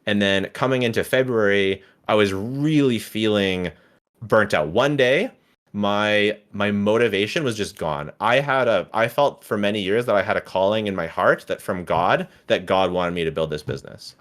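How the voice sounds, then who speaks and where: A man in his thirties recounts his story in casual talk, his voice sitting fairly low. He stumbles and restarts often, sometimes slipping into the voices of people he quotes. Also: fairly bright tone. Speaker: guest.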